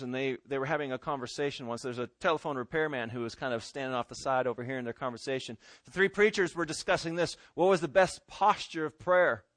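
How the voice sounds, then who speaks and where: A male pastor with a mid-range voice preaches a sermon and reads scripture, swinging from loud, emphatic stress to hushed pleading. The recording is dry.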